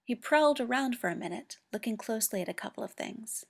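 A woman reading a story aloud as narrator, steady and expressive. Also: on the high side, fast, creaky. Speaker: reader. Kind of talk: audiobook narration.

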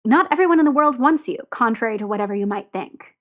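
A woman's voice: a little high, expressive, fast talker, close to an everyday voice. A woman reading aloud and voicing a grumpy, resentful young man who talks curtly. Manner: curt, sullen.

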